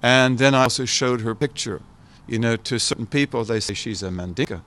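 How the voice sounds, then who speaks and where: Speaking a little fast in a fairly bright, medium-pitched voice, this guest scholar addresses an audience informally. He is an American in his seventies who reflects aloud and repeats phrases to stress his points.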